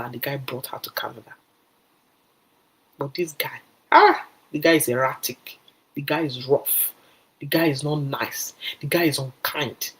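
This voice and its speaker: A woman's voice: deep voice, breathy edge, poor audio. Emphatic woman giving marriage advice. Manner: emphatic, repetitive, acts out quoted voices. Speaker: speaker at a singles fellowship. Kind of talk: animated testimony and advice.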